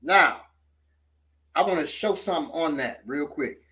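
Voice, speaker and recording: A man's voice: a little high, animated, measured pace, bright, forceful tone, recorded from a distance. A man teaching self-defense, talking casually and coaching while he demonstrates moves.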